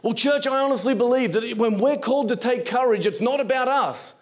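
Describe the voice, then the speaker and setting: Animated preacher, high voice. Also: male voice, brisk. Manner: animated storyteller acting out quoted voices. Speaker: guest preacher. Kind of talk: storytelling sermon.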